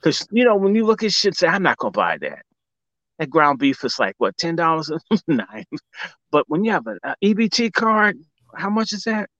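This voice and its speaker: A man from Washington, D.C., telling a comic story in casual talk, profane and animated, laughing often and acting out what people said. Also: high voice, normal speed, no echo, dull audio. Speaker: commentator.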